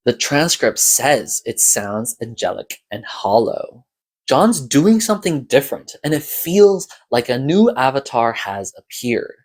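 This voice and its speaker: A man giving scripted analytical commentary as a reviewer of an audio drama, in a measured, explanatory way. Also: mid-range voice, big pitch swings. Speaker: podcast episode reviewer.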